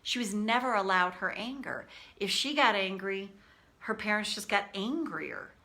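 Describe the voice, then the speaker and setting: A woman coaching viewers on a livestream, candid and animated, speaking to them by name. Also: mid-range voice, moderate pace. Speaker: tapping coach.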